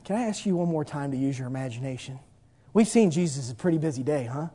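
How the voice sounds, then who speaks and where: A man's voice: fairly high pitch, animated, fast, mellow. A man preaching a sermon as a pastor, impassioned, and reading scripture aloud. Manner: impassioned, preaching with rising and falling intensity; reads scripture in archaic King James wording.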